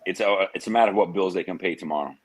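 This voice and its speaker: A man's voice: sits low, breathy edge, rough recording. A man, a guest telling stories in a casual interview, streetwise and full of slang. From United States. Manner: streetwise slang, drawn-out tangents.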